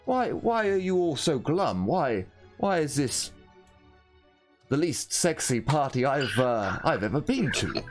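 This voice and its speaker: A man puts on a grand, self-important starship captain with theatrical airs, his voice low and slow-moving as if savouring every word. He draws each phrase out in a lofty, aristocratic manner, and faint music plays under the tabletop game. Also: sing-song, a little mellow. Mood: grandiose. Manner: haughty, theatrical, drawn-out speech.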